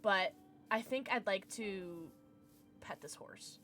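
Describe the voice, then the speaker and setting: A woman's voice: mid-range voice, slow, over music. A young woman streaming a video game, chatting casually and breaking into squealing baby talk with her pets. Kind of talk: casual gameplay livestream chat.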